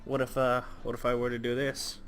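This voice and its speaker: A man's voice: medium pitch, completely flat delivery, fairly quick, loud music behind the voice. A man reading a visual novel's text aloud and breaking off into crude jokes about it. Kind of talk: casual let's play narration with jokey asides.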